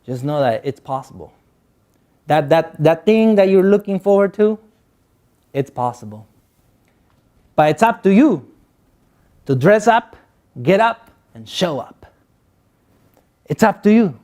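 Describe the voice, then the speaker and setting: A man with a noticeably high voice and a Guatemalan Spanish accent speaks to a youth audience. He is a motivational speaker from Guatemala whose first language is Spanish. He tells jokey stories and slips into little impressions of other people. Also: sing-song, a little slow, long pauses, warm tone. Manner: joking storyteller, acts out voices.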